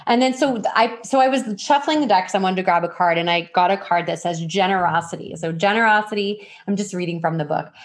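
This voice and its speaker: A woman's voice: mid-range voice, fast talker, few pauses. Podcast host, woman; eager, chatty, laughs often. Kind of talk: casual interview chat.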